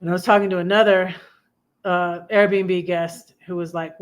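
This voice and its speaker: A woman in her fifties hosts her own livestream, speaking at a moderate pace with a fairly low voice and flat delivery. She tells personal stories casually, rambling and confiding, and often corrects herself.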